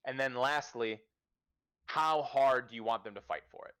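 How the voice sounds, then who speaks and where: A man's voice: medium pitch, normal speed, fairly bright tone, clean tone. A man hosting a casual livestream chat, giving profane, emphatic advice as a game master. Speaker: podcast host and dungeon master.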